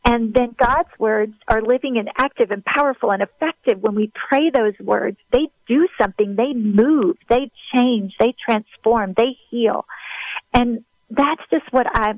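Woman guest, ministry leader, earnest and preacherly, fairly high voice, dry remote recording. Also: measured pace, no echo, highs cut off. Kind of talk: heartfelt faith conversation.

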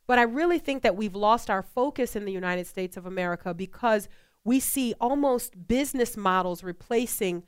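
A woman's voice: mid-range voice, lively intonation, moderate pace, clean tone. A woman co-hosting a faith talk show, speaking with passion and repeating phrases for emphasis. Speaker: co-host.

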